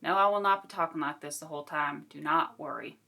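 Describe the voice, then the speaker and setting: Low bright woman talking about a book, chatty and giggly. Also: a little fast, vocal fry. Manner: chatty, giggly and self-deprecating. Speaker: book reviewer. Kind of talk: casual book review vlog.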